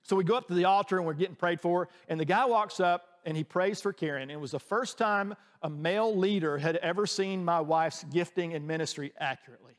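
A man's voice: high-pitched, brisk, hardly any pauses, big-room sound. A man preaching a sermon as a pastor, telling a personal story in a conversational way with frequent restarts.

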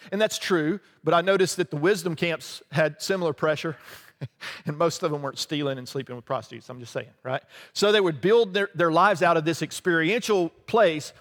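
High-voiced preacher in a reverberant hall. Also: male voice, a bit bright. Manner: conversational, laughing asides, frequent "right?". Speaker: pastor. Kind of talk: sermon.

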